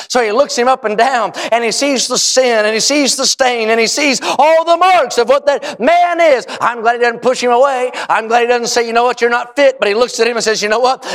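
A man's voice: very high-pitched, fairly bright tone. A man preaching a revival sermon, fervent and rhythmic, with lots of repetition and calls out to the congregation.

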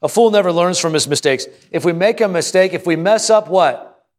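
A man preaches to his congregation with a voice a little higher than most. He reads scripture aloud and pauses to draw spoken responses from the room. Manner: reads scripture aloud and acts out an anxious prayer. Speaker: pastor. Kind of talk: sermon.

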